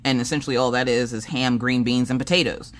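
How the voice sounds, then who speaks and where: Talking quickly in a very deep, steady voice, a Southern woman crafts and chats casually on her channel, with slight background noise behind her. Her long family stories come with acted-out dialogue and plenty of swearing.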